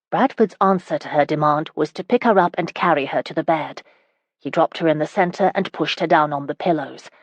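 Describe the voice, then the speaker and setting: A woman narrating a historical romance audiobook in a steady, even storytelling manner. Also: low voice, moderate pace, no echo.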